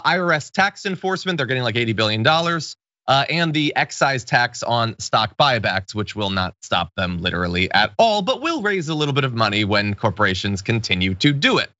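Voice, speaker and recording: A man's voice: mid-range voice, pushed and bright, no room sound, lo-fi sound. A man hosting a political news commentary show, reading through points with wry, sarcastic asides.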